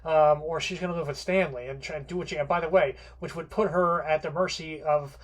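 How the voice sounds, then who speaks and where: A man's voice: fairly high pitch, fairly even intonation, brisk. A man giving an unscripted literature lecture, rambling with many fillers and restarts and some casual swearing.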